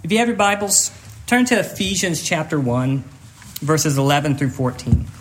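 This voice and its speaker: Male pastor, earnest sermon delivery, high-pitched voice, halting with repeated words, emotional and close to tears.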